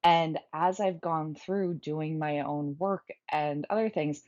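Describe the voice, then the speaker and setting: Low-pitched woman podcast co-host; open, reflective, laughs often; muffled lo-fi recording. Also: fairly even intonation, takes it slowly, darkish tone. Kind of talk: candid podcast conversation. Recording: dull lo-fi sound.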